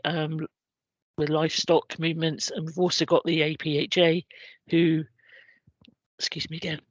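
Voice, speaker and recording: A middle-aged woman with a West Country English accent gives an informal work presentation, pausing often with ums and restarting her sentences. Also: low-pitched, fairly bright tone, no echo. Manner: hesitant, many ums and restarts. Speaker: civil contingencies officer presenting. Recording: dry, dull lo-fi recording.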